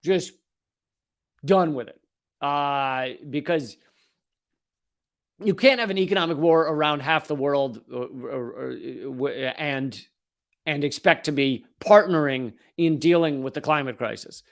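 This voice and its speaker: A man's voice: on the high side, measured pace. A man hosting a live-stream commentary, reading from an article and breaking off into sarcastic, joking asides.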